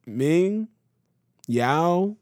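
A man's voice: on the high side, expressive, very slow, darkish tone, dry recording, studio quality. A man co-hosting a podcast, talking in a casual, exasperated way and laughing through his protests. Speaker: podcast co-host. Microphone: podcast microphone.

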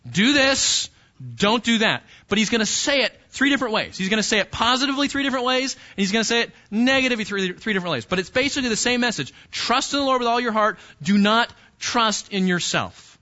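Guy preaching, high bright voice, lots of repeating himself, dull lo-fi recording. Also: animated, quick pace. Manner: emphatic teaching with repetitions and restarts; addresses the congregation directly. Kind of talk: sermon.

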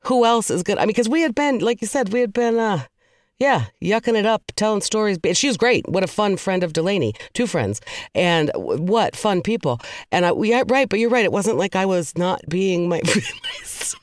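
A woman co-hosting a podcast, telling stories in a casual, animated way, laughing often and swearing now and then. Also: mid-range voice, a little fast, dry recording, studio quality. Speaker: podcast co-host. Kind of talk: casual chat.

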